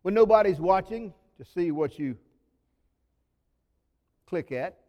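A high-voiced man preaching a sermon with wide, lively swings of pitch. He acts out quoted voices and moves between loud bursts and near-hushed lines. His voice rings with the long reverb of a large hall. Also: slow pace, highs cut off.

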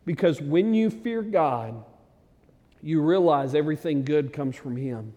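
A man preaching a sermon, talking plainly to his flock, then building to loud, excited peaks. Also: a little high, unhurried, long reverb tail. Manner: conversational preaching that swells to loud, excited climaxes. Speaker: pastor.

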